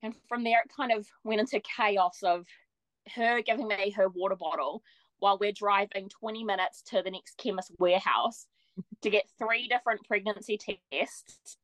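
A young woman, a podcast guest telling her story in a lively way, laughing often and acting out what people said. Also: medium pitch, normal speed, dry recording, low-quality recording. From New Zealand. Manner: lively, laughs often, acts out quoted voices. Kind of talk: casual storytelling.

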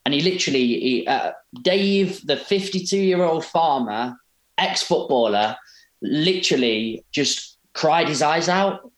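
A man, a poet guesting on a podcast, telling stories in an animated, rambling way with many restarts. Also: fairly high pitch, a little slow. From Derby, England. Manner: animated, rambling, self-interrupting. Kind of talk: casual storytelling interview. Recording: roomy echo.

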